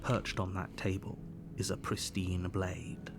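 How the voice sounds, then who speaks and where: A grave, deep-voiced narrator guides the player through a dark video game in measured, ominous tones. His voice sits very low. Game music plays clearly beneath him. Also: monotone.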